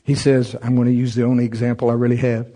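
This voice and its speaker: A man preaching to a church congregation, mixing scripture with a funny personal story. His delivery is animated, with laughter breaking in, and his voice leaps high and loud at the excited moments. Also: fast talker. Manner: humorous, laughs through his own stories. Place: church service before a congregation.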